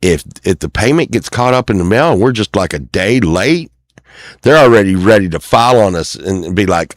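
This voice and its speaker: A middle-aged man talks in a deep, low voice, rambling through a casual venting monologue on his own show. He keeps acting out what other people say to him. The sound is dry and close, with no room echo. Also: lively intonation, moderate pace. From Texas. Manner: sings a few lines softly. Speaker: show host.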